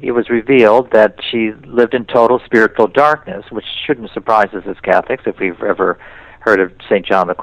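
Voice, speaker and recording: In an interview, a priest delivers a spiritual talk in a fairly low, slightly bright voice. As he tells his stories he takes on the voices of those he's quoting. The audio is dull with no room sound.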